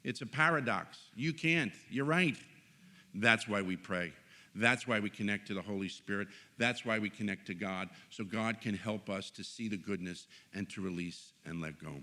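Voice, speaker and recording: A man giving an inspirational faith talk at a conference, earnest and animated, telling stories with jokes. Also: on the low side, moderate pace. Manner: animated, joking, earnest storyteller. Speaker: conference speaker. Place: conference hall stage.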